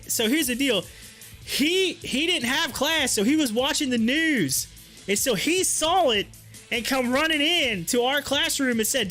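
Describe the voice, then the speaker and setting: Brief: man in his thirties, very high, bright voice, rambling casual story, faint music under. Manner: rambling, repeats words, many fillers. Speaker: live stream host.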